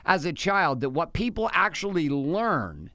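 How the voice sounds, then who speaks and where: A man's voice: a little high, sing-song, a little slow, bright, forceful tone, no echo, clean studio sound. A middle-aged man co-hosting a podcast, talking casually and emphatically with his wife, repeating his points. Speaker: podcast co-host.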